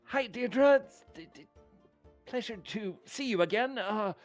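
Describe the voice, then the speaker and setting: A man's voice: high voice, animated, unhurried, soft background music, voice pushed up. A man doing a fussy, overly polite adventurer. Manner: overly formal, fawning politeness.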